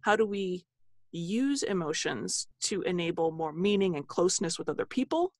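A woman author talks through her ideas in an earnest, explanatory way, breaking into easy laughter. Her voice sits on the low side. The sound is dry and close to the mic. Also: lively intonation, normal speed, no room sound. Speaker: author and guest. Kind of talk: podcast interview.

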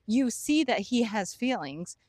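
A woman's voice: a little high, big pitch swings, measured pace, a little mellow, dry recording. A young woman co-hosting a podcast, rambling with many "like" fillers and breaking into giggles. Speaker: podcast co-host. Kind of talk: casual chat.

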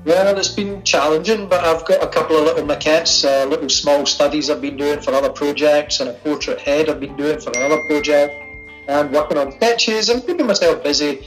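Easygoing Scottish man, slightly high voice. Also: a little fast, soft background music, low-quality recording. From Scotland. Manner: easygoing, chatty, laughs easily. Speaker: guest, sculptor. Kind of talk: casual interview over a call. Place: attic studio at home. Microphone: remote call.

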